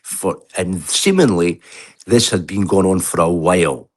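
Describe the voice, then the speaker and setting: Guy with a lowish voice going off on a sweary rant on a video call, keeps restarting. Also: a little slow. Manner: angry, sweary, rambling with restarts. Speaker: livestream guest. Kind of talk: heated casual rant.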